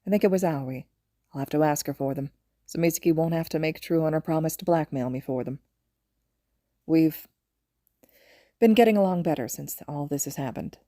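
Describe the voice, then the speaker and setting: A soft-spoken young father , voiced by a woman reading a podfic, pausing and halting as he speaks with quiet affection. The voice sits low and mellow. The recording is close and dry. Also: dry recording, close to an everyday voice. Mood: tender. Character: tender, gentle young father.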